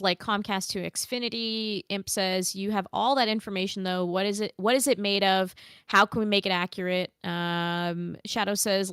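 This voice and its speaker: A woman's voice: mid-range voice, a bit bright, smooth, no echo, clean studio sound. A woman co-hosting a podcast, casually reading viewer comments aloud and reacting bluntly with swearing. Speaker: podcast co-host reading chat. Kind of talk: casual chat.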